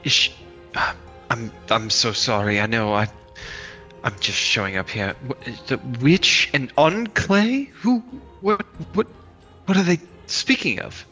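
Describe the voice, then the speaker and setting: A man playing a hesitant, bright-voiced stranger. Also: mid-range voice, slightly rough, faint music behind. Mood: puzzled. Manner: hesitant, halting. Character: polite wandering male stranger.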